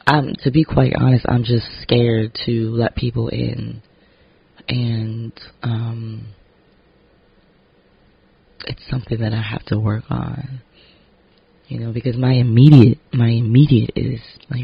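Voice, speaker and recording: A man with a raspy voice, talking through a casual vlog monologue in a candid, rambling way with plenty of swearing. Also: mid-range voice, level tone, takes it slowly, pauses often, dull audio. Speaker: vlogger and actor.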